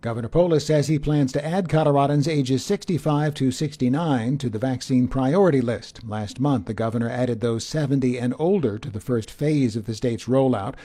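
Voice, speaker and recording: A man reading a radio newscast as the anchor, in a measured, even delivery. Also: mid-range voice.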